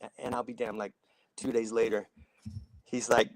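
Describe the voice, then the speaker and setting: A middle-aged man from Saint Louis, appearing as an actor guest, tells rambling stories casually, restarting often and acting out quotes. His medium-pitched voice is very animated and brisk. The recording is dry and low quality.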